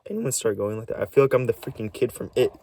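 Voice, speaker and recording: Over a noisy background, a man with a medium-pitched, very animated voice rambles quickly in a casual vlog about something strange that happened to him. He sounds nervous and shaky, stammering, restarting words, and swinging his pitch up and down.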